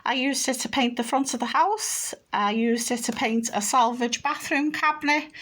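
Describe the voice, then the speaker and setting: A middle-aged woman from England with a slightly high voice. She chats casually to her viewers, rambling and homely as she walks about her house. She holds the camera in her hand while she talks. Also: moderate pace, a bit bright. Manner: chatty, rambling, homely, shows things off while walking around. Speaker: vlogger. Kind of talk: casual home vlog chat. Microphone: handheld camera.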